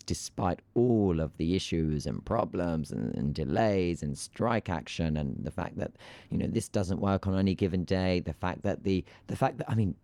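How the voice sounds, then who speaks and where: Deep-voiced man ranting on a podcast. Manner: animated, ranting. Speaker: podcast co-host. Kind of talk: casual chat about aviation news.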